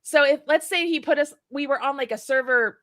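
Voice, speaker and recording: A woman's voice: high voice, a little fast, no echo, clean studio sound. A woman, hosting a casual chat and telling stories with acted-out dialogue and frank swearing. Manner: animated storyteller, acts out dialogue, swears freely. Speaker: podcast host.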